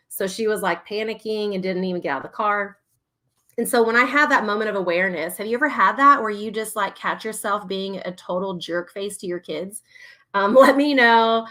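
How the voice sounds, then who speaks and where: Laughing frequently, this thirty-something play therapist chats casually and animatedly with her live viewers. A registered play therapist who also hosts parenting content, she speaks at a medium pitch with a pushed, bright quality.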